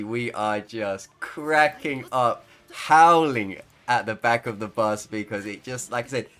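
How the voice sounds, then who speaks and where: A man's voice: mid-range voice, fairly bright tone. A man chatting casually over gameplay as a gaming creator, rambling and laughing mid-sentence.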